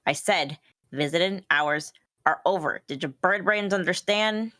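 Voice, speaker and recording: A woman's voice: on the low side, unhurried, sharp tone, no echo, clean studio sound. A woman voicing a curt, dismissive male bird prison guard. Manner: brusque, dismissive.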